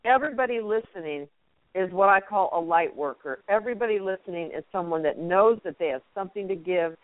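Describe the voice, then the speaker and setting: A woman's voice: medium pitch, animated, fairly quick, dry recording. A woman speaking as a guest radio host, effusive and encouraging in a spiritual, uplifting way. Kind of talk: inspirational phone interview. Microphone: phone. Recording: tinny phone line.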